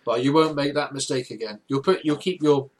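A man's voice: mid-range voice, fairly quick. A man co-hosting a comedy podcast, chatting casually, often repeating his words and laughing. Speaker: podcast co-host.

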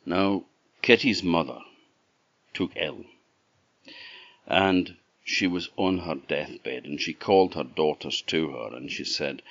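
Deep gravelly Orkney Scottish man telling a folk tale, dry and dull sound. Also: slow pace, long pauses, a bit bright. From Orkney, Scotland. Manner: chatty, asides to the listener. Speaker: storyteller.

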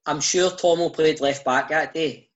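A Scottish man, a father, telling casual stories as a guest, animated and full of slang. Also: on the high side, a little slow, lo-fi sound. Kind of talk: casual storytelling chat.

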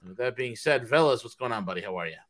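A man co-hosting a podcast in casual chat, jokey, swinging between loud openings and low mumbled asides. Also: animated, fast talker. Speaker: podcast co-host.

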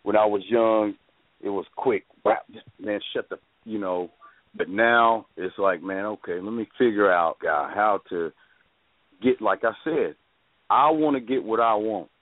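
A man's voice: lowish voice, a little slow, no room sound. An older man on a talk show panel, speaking in a laid-back, repetitive way. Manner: laid-back, repeats himself. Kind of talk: casual radio talk. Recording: tinny phone-like dry sound.

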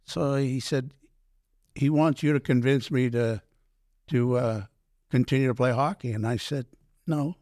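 An older man, a former pro hockey player telling animated stories in an interview, acting out quoted dialogue and often restarting his sentences. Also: mid-range voice, measured pace, pauses often, dry recording, clean studio sound. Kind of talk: storytelling in a podcast interview.

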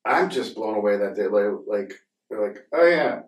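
Male podcast host, low-pitched, loose rambling delivery, roomy sound from a distant mic. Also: normal speed. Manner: rambling, with many fillers and restarts. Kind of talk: casual conversation.

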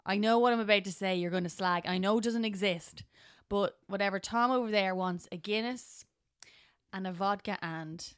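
A woman's voice: medium pitch, moderate pace, clean tone. An Irish woman co-hosting a podcast, chatting casually and telling stories animatedly, acting out the voices of people she quotes. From Ireland. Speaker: podcast co-host. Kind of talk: casual chat.

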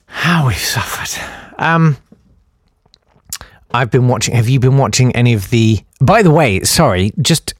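A man's voice: medium pitch, lively intonation, a little slow, long pauses, dry recording. A man hosting a comic news podcast, sarcastic and rambling with lots of ums. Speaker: podcast host.

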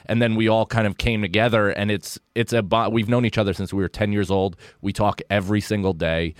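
Low-voiced American man, reflective. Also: fairly even intonation, fairly quick, clear, resonant tone, no echo, clean studio sound. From United States. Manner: reflective, earnest, casual swearing. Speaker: comedian guest. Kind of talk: candid podcast interview.

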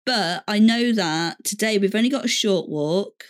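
A woman's voice: medium pitch, measured pace. A young woman co-hosting a podcast, telling stories in a chatty way and laughing often. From England. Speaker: podcast co-host. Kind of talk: casual chat.

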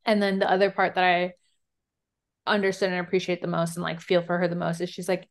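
A woman's voice: fairly low pitch, completely flat delivery, a little fast. A woman co-hosting a podcast in casual chat, talkative, swearing freely and laughing often. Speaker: podcast co-host. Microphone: remote call recording.

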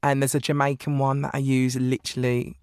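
A woman talking as a guest in a podcast interview, lively and chatty, often breaking into laughs. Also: extremely low pitch, fairly quick, clean tone, no room sound, studio quality. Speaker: guest author. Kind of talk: casual interview chat.

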